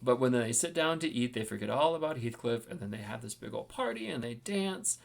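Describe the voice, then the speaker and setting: A man's voice: mid-range voice, expressive, fairly quick, creaky. A man hosting a book-reading channel, giving casual, enthusiastic commentary with frequent fillers.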